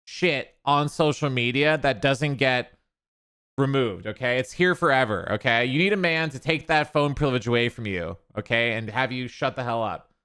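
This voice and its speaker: A man's voice: medium pitch, moderate pace, pushed and bright, clean tone. A man hosting reaction commentary, sarcastic and crude, mocking what he watches. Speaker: streamer host.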